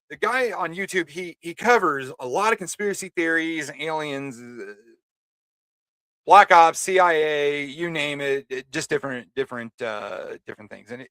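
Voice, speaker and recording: Guy cohosting a chat show, stumbles and repeats words a lot, kinda high voice, dry room. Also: bright, forceful tone, dry recording. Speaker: co-host. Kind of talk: casual podcast commentary.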